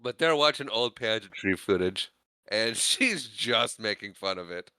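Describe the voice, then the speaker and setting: A man with a lower voice that still sounds bright and smooth recaps a film for a podcast. He talks casually, laughs often and drops into quick character voices as he retells scenes. The sound is dry and close, with no room echo. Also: lively intonation. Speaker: podcast co-host. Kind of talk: casual movie recap chat.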